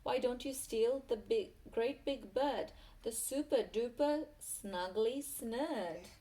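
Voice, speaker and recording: A sly farm goose spinning a tall tale to fool two crooks, as a woman reads her aloud. She sounds matter-of-fact and slow, in a fairly high voice. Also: dark tone. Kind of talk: reading a picture book aloud.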